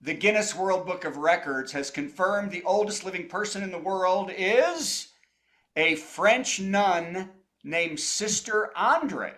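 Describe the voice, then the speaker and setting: A man hosting a virtual comedy show, reading out a joke setup in a deadpan way over a video call. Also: high-pitched, takes it slowly. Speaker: host.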